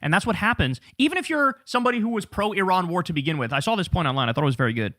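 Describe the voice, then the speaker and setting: High, bright-voiced man ranting profanely. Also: animated, very fast, dry recording, clean studio sound. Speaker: political commentary host. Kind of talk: angry political commentary.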